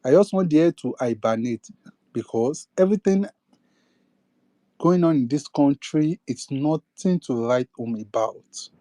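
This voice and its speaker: Young man, Nigerian accent, impassioned rant, emphatic, slightly high voice, dry close sound. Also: animated, a little slow, mellow, no echo. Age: young adult. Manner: indignant, rhetorical questions, emphatic. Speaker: speaker in an online audio space.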